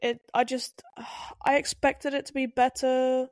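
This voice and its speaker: High-voiced woman, blunt podcast film chat. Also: flat delivery, measured pace, darkish tone, dry recording, studio quality. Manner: blunt, opinionated, hesitant restarts. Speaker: podcast co-host. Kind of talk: casual film review chat.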